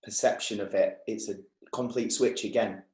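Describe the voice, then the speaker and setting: A man's voice: fairly low pitch, steady tone, normal speed, darkish tone. Male podcast host in a roomy space. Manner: affirming, sums up the guest's points. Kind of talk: interview chat.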